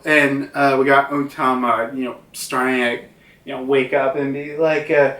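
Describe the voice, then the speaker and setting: A man's voice: medium pitch, little pitch movement, measured pace, a bit bright. A man casually reviewing a comic chapter, rambling with many fillers and restarts. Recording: roomy, distant from mic.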